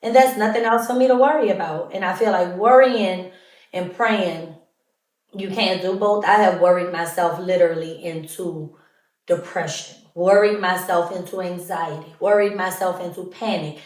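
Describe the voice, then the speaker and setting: A woman's voice: lowish voice, moderate pace, darkish tone. A woman hosting a podcast, telling candid, emotional stories in a casual, heartfelt way and laughing along. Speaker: podcast host. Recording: roomy echo, mic at a distance.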